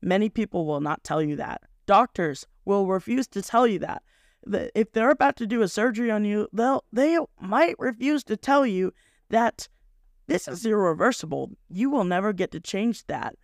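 A man's voice: sits high, lively intonation, normal speed, vocal fry, no echo, clean studio sound. A young man hosting a faith podcast, talking in a rambling, earnest way and often correcting himself. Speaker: podcast host. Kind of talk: casual devotional podcast talk.

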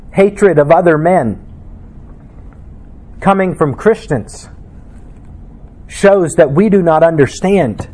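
Preacher guy, higher voice, reads scripture then preaches on it, emphatic. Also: a little slow, long pauses, a little mellow. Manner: preaching with a shifting, emphatic delivery, reading scripture aloud. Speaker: pastor. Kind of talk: sermon.

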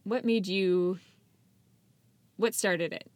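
A woman's voice: medium pitch, fairly even intonation, drawn-out words, a little mellow, dry recording. A woman hosting a casual podcast chat, encouraging her guest and rambling with lots of fillers. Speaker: podcast host.

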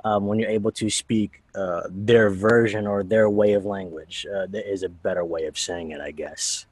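A man's voice: lowish voice, moderate pace, no echo. A man who is a voice actor, a guest on a podcast, talking casually and telling stories with plenty of fillers. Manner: relaxed, filler-heavy storytelling. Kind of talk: casual interview chat.

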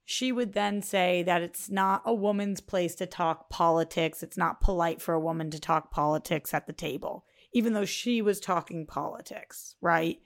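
A woman with a lowish voice talks through her own relationship stories on a podcast. She explains things carefully and earnestly, in a relaxed, chatty way. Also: moderate pace, few pauses. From Boston. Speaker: podcast co-host. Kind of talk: casual podcast chat.

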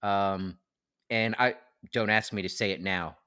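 A man co-hosting a podcast, casually telling animated stories and swearing freely. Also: lowish voice, measured pace, clear, resonant tone, no echo, clean studio sound. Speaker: podcast co-host. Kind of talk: casual chat.

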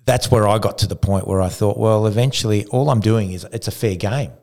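A man from Argentina with a low voice recounts a race story on a podcast. He talks casually, restarts his sentences and acts out what others said along the way. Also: a little fast, vocal fry. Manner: animated storyteller who acts out quotes, frequent restarts. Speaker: guest, retired pro cyclist.

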